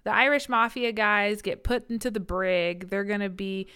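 A woman co-hosting a podcast, casually recapping a novel, breaking into quick quoted voices and laughing often. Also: medium pitch, fairly even intonation, pushed and bright, smooth. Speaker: podcast co-host. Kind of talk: casual book-club chat.

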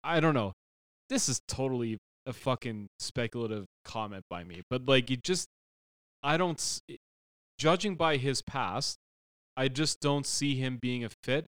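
A man's voice: mid-range voice, moderate pace, fairly bright tone, clear, resonant tone, no echo, studio quality. Laid-back swearing man on a podcast. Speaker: podcast co-host. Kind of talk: casual sports podcast chat.

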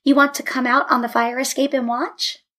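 A woman voicing an excited, chatty little girl in a storybook reading. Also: high voice. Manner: eager, quick chatter.

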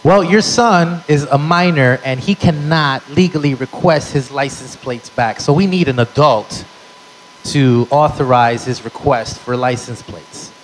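A man voicing a formal, bureaucratic tow-yard clerk who speaks slowly and politely. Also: medium pitch, close to an everyday voice, low-quality recording. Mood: officious. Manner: slow, officious, bureaucratic.

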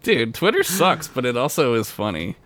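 A man's voice: mid-range voice, sing-song, normal speed, fairly bright tone, no room sound. A man co-hosting a podcast, trading crude jokes and laughing often in casual banter. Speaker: podcast co-host.

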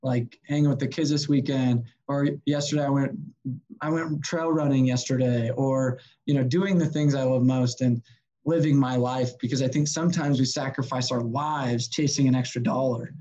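A sales consultant in casual conversation, telling animated stories and acting out what people said to him. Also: male voice, mid-range voice, moderate pace, highs cut off. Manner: animated, story-driven, acts out quotes. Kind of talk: casual podcast chat, storytelling.

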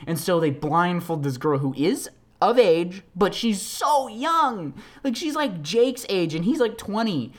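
An actor hosting a podcast, rambling through a story in a loose monologue full of "like". The delivery swings from excited high bursts to low, quiet asides, with voices put on for the people in the story. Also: measured pace. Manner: chatty, heavy use of "like", animated retelling with quoted voices. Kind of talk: casual monologue.

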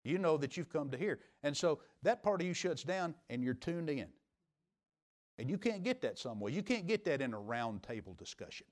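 Preaching pastor swinging loud to hushed. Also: male voice, on the high side, sing-song, brisk. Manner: dynamic preaching, rising emphatic peaks and dropping to quiet asides. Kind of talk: sermon. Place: church sanctuary.

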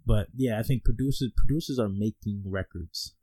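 A man's voice: on the low side, normal speed, mellow. A man co-hosting a podcast, chatting casually, teasing and laughing often. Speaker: podcast co-host. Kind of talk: casual chat.

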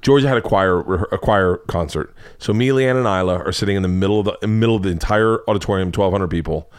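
A man in his forties hosting a podcast, telling a comic story in a casual, profane, animated way. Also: deep voice, fast, clear, resonant tone. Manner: animated, profane, acts out other people's lines. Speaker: podcast host.

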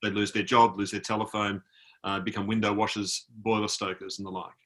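A man's voice: on the low side, little pitch movement, a little fast, a bit bright. An Australian man, an author, telling an anecdote on a video call and mimicking the people he met. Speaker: author guest. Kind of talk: storytelling in a conversation.

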